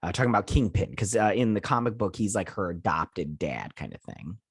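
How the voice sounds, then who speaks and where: A man's voice: lowish voice, expressive, fairly quick, breathy edge, dry recording, clean studio sound. Rambling man recapping a show episode. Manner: rambling, many fillers, retells scenes in quoted voices. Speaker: host.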